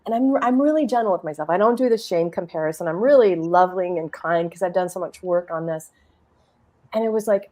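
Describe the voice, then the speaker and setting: A middle-aged woman on a podcast panel, candidly telling a personal story in a lively, conversational way, acting out her own inner dialogue. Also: on the low side, brisk. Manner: animated and conversational, with frequent restarts, laughs and quoted inner dialogue.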